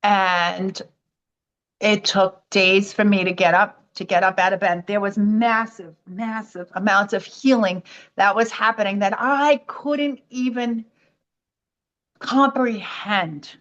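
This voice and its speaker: A woman from the United States tells her own story as a podcast guest, playing out what others said to her. Her voice sits at a middle pitch. The sound is somewhat dull and lo-fi. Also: slow pace. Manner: animated storytelling, acts out quoted voices. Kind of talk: personal storytelling.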